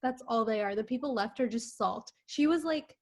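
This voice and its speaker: A woman's voice: a little high, normal speed, darkish tone. A young woman chatting casually as a podcast guest on a remote call, talking loosely with many fillers. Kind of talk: casual chat.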